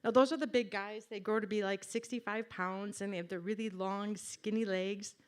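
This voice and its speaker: A woman tells a personal story to a live audience, speaking at a medium pitch. She is wry and conversational and makes fun of herself as she goes. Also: fairly even intonation, moderate pace, clear, resonant tone. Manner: wry, conversational, self-deprecating.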